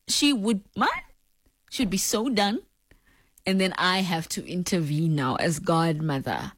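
A woman's voice: lowish voice, animated, measured pace, no room sound. A woman hosting a casual talk show. She reads listener messages, laughs often and acts out scenes with her family. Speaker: radio talk show host. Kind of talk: casual on-air chat, reading listener messages.

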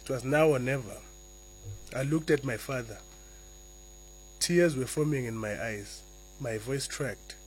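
A man, a guest author answering interview questions and reading slowly and deliberately from his own memoir. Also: mid-range voice, a little hiss or hum, poor audio. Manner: soft-spoken, slow and deliberate when reading.

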